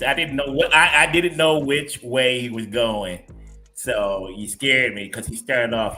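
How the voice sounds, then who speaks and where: Man, podcast host, animated storyteller, frequent laughter, faint music underneath. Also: medium pitch, measured pace. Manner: animated storyteller, laughs often, many restarts. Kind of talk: casual chat.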